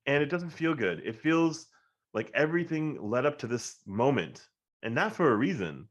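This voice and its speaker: A man's voice: medium pitch, normal speed, lo-fi sound. A man co-hosting a casual sports talk show, rambling and getting emphatic when frustrated. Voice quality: monotone. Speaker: podcast co-host.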